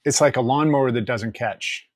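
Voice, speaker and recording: A man, a podcast guest, telling a story in casual conversation, candid and joking, quoting people in lively asides and swearing freely. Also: mid-range voice, moderate pace, no room sound, clean studio sound.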